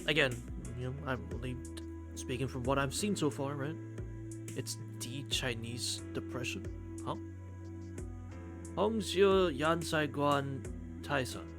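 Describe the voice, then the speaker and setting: A man's voice: mid-range voice, takes it slowly, long pauses. A man live-streaming a game, reading its text aloud and chatting, swearing freely. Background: game music.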